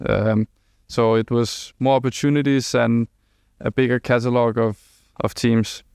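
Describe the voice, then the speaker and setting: Brief: measured deadpan male guest, flat and clear. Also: medium pitch, no room sound, studio quality. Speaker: esports player guest.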